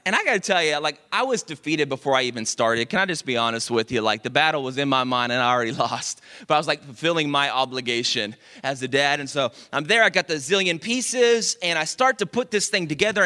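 Animated preacher in a big reverberant hall. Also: male voice, a little high. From Dallas, Texas. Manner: animated, self-mocking, confiding asides to the audience. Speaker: pastor. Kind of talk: storytelling sermon.

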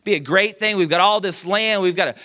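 Man playing a cheerful grandpa, eager, rambling, bright. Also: high-pitched, a little fast.

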